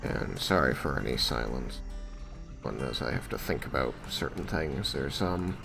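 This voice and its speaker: A man narrating as game master for a tabletop game, measured and often pausing with fillers. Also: rumbling low, expressive, gravelly, music in the background.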